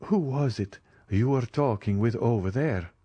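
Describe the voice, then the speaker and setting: A man's voice: medium pitch, unhurried, warm tone, dry recording, highs cut off, natural voice. A man reading the part of a passionate young Greek woman in an audiobook. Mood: vehement. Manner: vehement, urgent.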